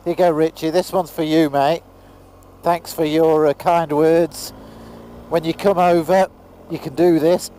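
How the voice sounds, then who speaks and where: A man's voice: a little high, flat delivery, unhurried, mellow, slight background noise. A man chatting casually into a helmet camera while riding a motorbike outdoors in pouring rain, exclaiming and swearing now and then. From Britain. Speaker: motorcycle vlogger. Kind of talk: casual vlog commentary.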